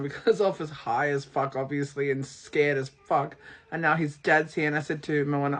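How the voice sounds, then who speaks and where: Vlogger, casual storytelling, lively, laughs and swears, acts out quotes. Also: medium pitch, fairly quick. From Australia. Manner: animated, laughing, swearing freely, acting out quotes.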